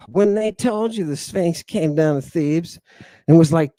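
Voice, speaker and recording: Middle-aged male host, high-pitched, dry close sound, dramatic lecturer with sighs and booming asides. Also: slow pace, mellow, dry recording. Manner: theatrical, sighing, swings from booming to muttered asides. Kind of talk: animated lecture to an online audience.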